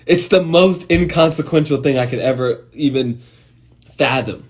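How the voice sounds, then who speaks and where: A man's voice: a little high, unhurried. A man hosting a casual live talk to his viewers, swearing freely and speaking with emphatic, direct energy. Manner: profane, animated, emphatic, talks to viewers directly. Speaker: host of an Instagram live talk. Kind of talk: casual motivational rant. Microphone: phone.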